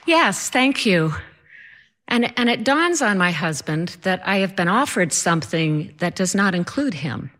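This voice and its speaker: A woman's voice: fairly low pitch, big pitch swings, normal speed, few pauses, a bit bright. A woman telling a personal story to an audience, wry, self-deprecating and dramatic.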